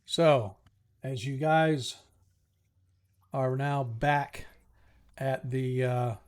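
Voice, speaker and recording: A man narrating a tabletop game as game master, describing scenes in slow, measured steps with a few fillers. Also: mid-range voice, fairly even intonation.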